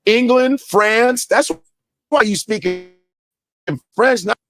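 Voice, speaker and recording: A man telling stories in a casual chat, animated and profane, laughing often and slipping into mock voices. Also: very high-pitched, takes it slowly, a little hiss or hum. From United States.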